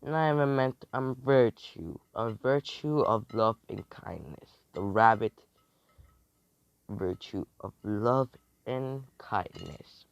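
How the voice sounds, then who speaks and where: A man's voice: fairly low pitch, slow pace, gravelly, smooth, no room sound. A man voicing a vengeful, immortal young man, a betrayed hero turned demon, with a taunting, smug manner, in a lo-fi recording. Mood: boastful.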